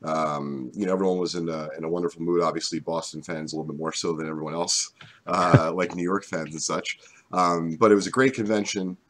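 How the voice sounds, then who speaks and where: A man coming down with a cold, his voice gone deep, chatting casually on a live stream as a co-host. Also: steady tone, brisk, fairly bright tone, slight background noise. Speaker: card break co-host.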